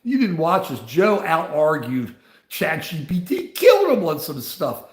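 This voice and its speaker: An older man in his seventies with a high-pitched voice hosts a casual livestream. He rambles, argues and talks straight to his viewers. The sound is roomy and echoey. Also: wildly swooping pitch, a little slow. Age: 70s. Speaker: livestream host.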